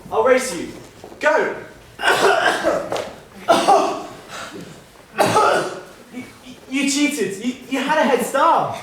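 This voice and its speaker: A man's voice: very high-pitched, animated, a little slow, a bit bright, a little hiss or hum, full character voice. A student actor playing a stubborn, coughing old father in a school stage play, recorded from far off in an echoey hall. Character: frail coughing old father who insists he is fit.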